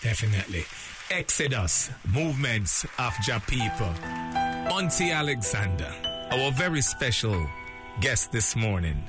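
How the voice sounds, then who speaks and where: A male radio host introducing his guest on air and affirming what the guest says. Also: mid-range voice. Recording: voice over loud music bed. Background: loud music.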